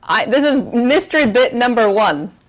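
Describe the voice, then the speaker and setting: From her home kitchen, a woman runs a charity livestream, speaking into a lavalier mic with rambling, giggly, self-deprecating chatter. She talks at normal speed in a slightly high, expressive voice.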